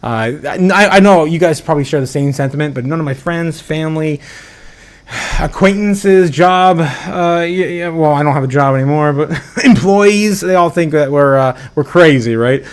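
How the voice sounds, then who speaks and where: Man, livestream host, casual chat, chuckly, rambling, a bit high-pitched. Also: moderate pace. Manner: chuckly, rambling, frequent laughs and restarts. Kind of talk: casual livestream chat reading viewer comments.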